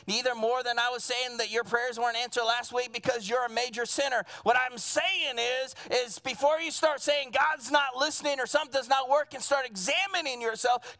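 A man's voice: extremely high pitch, pushed and bright. A man preaching a sermon as pastor to his church congregation, earnest and at times building to emphatic fervor. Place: church sanctuary.

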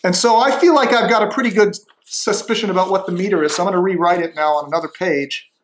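A man thinking aloud as he slowly works through a demonstration, tentative and musing, with frequent restarts. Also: high voice, slight background noise.

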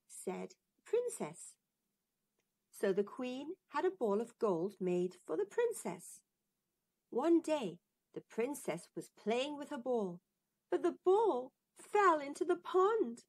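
A woman reading a children's storybook aloud in a gentle, sing-song manner. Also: fairly high pitch, big pitch swings, slow pace, breathy edge.

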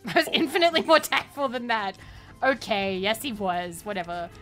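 A woman's voice: a little high, normal speed, fairly bright tone, faint music behind. A young woman from Australia chatting playfully with her chat while streaming a game, giggling often. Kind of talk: casual livestream chat while gaming.

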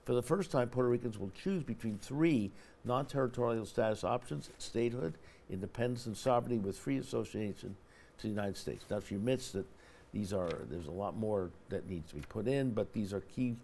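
A low, mellow man's voice hosting a talk show. He speaks haltingly and restarts his sentences often. A faint hiss of noise sits under the voice. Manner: halting, many restarts, reads an email aloud. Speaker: host. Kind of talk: public-access talk show interview.

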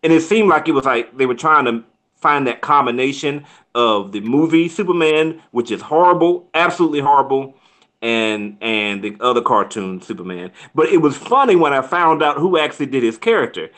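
A man's voice: medium pitch, animated, moderate pace, fairly bright tone. A man co-hosting a casual film review chat, rambling with restarts and laughing often.

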